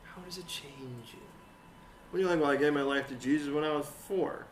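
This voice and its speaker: Pastor preaching in a roomy church. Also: male voice, fairly high pitch, moderate pace, a little hiss or hum. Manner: conversational preaching with acted-out quotes and rising excitement. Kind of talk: sermon. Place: church hall. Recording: roomy church sound from a distant mic.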